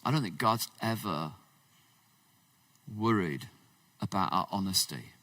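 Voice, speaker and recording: A man preaching a conversational sermon, swinging between loud emphasis and hushed, low passages. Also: lively intonation, a little slow, no echo, recorded from a distance. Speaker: pastor. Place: church.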